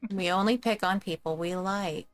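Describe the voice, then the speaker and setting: A woman with a slightly low voice joins her gaming friends on a call. She talks in a dry, sarcastic way, relaxed and unhurried. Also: no echo, faint music behind. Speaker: gamer chatting with friends. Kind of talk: casual voice chat.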